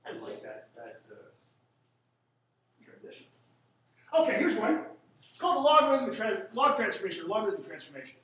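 A man's voice: high voice, huge pitch swings, fairly quick, pauses often, fairly bright tone, slight background noise. A man from Canada giving a classroom statistics lecture, rambling and joking with sarcastic asides. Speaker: statistics teacher. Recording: echoey room from a distant mic.

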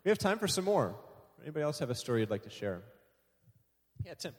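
In an echoey hall, a service leader runs a church sharing time, talking conversationally, poking fun at himself and laughing often. His voice is on the high side and sing-song, and he talks quickly.

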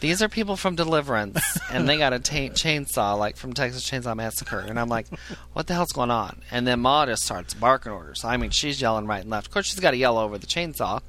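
A man spins a crude, funny story with a bright, forceful voice. He talks in an animated, profane way and keeps laughing at his own jokes as he goes. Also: medium pitch, fairly quick. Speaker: podcast storyteller.

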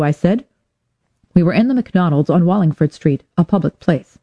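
A woman narrating a hardboiled audiobook in first person, wry and deadpan, letting the dry jokes land flat. The recording is dry and close with a dull, lo-fi edge. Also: on the low side, normal speed, dry recording.

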